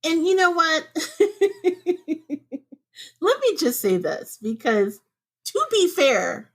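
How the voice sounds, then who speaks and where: A woman's voice: drawn-out words, pauses often. Chatty, laughing woman podcast host. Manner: chatty and laughs often, with lively swings up in pitch. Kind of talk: casual podcast chat. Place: home.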